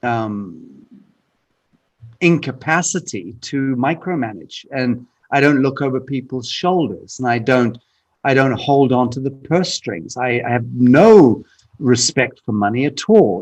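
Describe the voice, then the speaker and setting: A man's voice: mid-range voice, lively intonation, measured pace, a little mellow, highs cut off. Blunt, emphatic man speaking candidly. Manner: blunt, emphatic, profane at times; frequent restarts and repetition. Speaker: podcast guest. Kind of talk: candid conversational interview.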